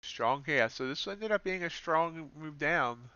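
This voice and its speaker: A man talks through his trades live as the chart moves, thinking out loud and second-guessing himself as he goes. His voice is very bright and crisp, set close and dry. The sound is a little dull and lo-fi. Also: on the high side, animated, measured pace, no room sound. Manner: thinks aloud, corrects himself mid-sentence. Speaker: futures day trader. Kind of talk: live trading commentary.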